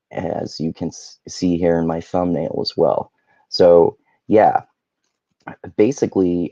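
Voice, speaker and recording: Low-voiced man rambling through a review. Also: mellow, dry recording, highs cut off. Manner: rambling, self-correcting, wry. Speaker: YouTube host. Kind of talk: casual book review monologue.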